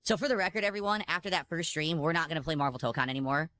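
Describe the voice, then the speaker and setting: Bright-voiced man complaining bluntly. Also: fairly high pitch, lively intonation, rapid-fire. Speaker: game streamer. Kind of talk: streamed monologue.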